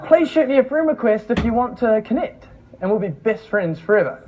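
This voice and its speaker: A man's voice: extremely high pitch, animated, brisk, noisy background, voice pushed up. A man putting on a gushing, over-formal male networking spammer, on a dull lo-fi recording. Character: overly earnest man sending networking spam.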